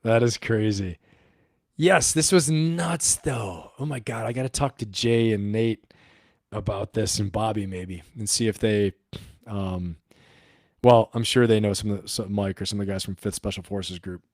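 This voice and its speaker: A man's voice: fairly low pitch, normal speed, a little mellow, no room sound, studio quality. A middle-aged man hosting a livestream, telling a story in a rambling, profane way and laughing often. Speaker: livestream host and coach.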